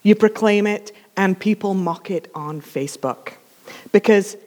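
A woman's voice: medium pitch, measured pace, a little mellow, long reverb tail. A woman preacher telling a sermon story in a casual, emphatic way with humorous asides, coughing now and then from a dry throat.

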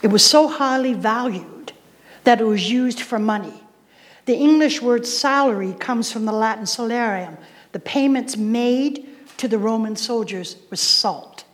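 A woman's voice: a little high, measured pace. A woman preacher giving a sermon, emphatic, repeating key phrases and putting questions to the congregation. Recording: reverberant hall sound.

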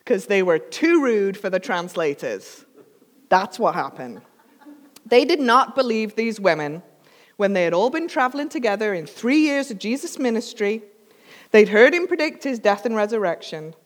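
Coughing woman preacher in a reverberant hall. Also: medium pitch. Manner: casual, emphatic, humorous asides. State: coughing, dry throat. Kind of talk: storytelling sermon.

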